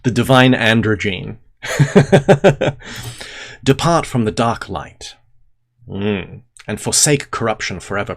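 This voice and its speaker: A man hosting a livestream, reading a book aloud and breaking off into rambling, jokey asides. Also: on the low side. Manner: rambling, jokey asides between read passages. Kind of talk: casual livestream reading and commentary. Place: home room, window half open.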